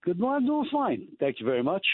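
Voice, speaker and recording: A man with a New York accent calling in to a talk show, earnest and polite, his words coming quickly. His voice is a little high. It comes through a thin telephone line. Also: huge pitch swings, slightly rough. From Brooklyn, New York. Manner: polite, earnest, fast-talking. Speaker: caller. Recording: phone line.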